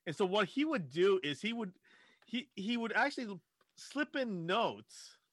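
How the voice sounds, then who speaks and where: A man co-hosting a casual podcast, explaining things in a halting way with frequent restarts. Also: high voice, very animated, dry recording. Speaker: podcast co-host.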